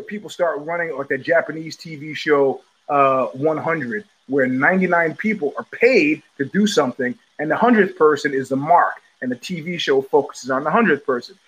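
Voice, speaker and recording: A middle-aged man hosting his own live show from home, talking in loose digressions with frequent restarts, blunt profanity and quick laughs. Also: fairly high pitch, a bit bright, rough recording. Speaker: podcast host. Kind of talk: rambling live-stream monologue.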